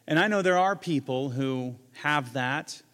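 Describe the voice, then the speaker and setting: A man's voice: medium pitch, measured pace, a bit bright, long reverb tail. A man, a pastor, preaching a sermon in a conversational way, with joking asides and quoted lines he acts out.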